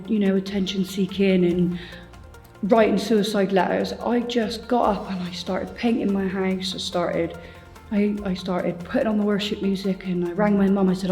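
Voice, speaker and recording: A woman giving an earnest, halting personal testimony, with faint music behind her. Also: medium pitch, fairly even intonation, dark tone. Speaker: church testimony speaker.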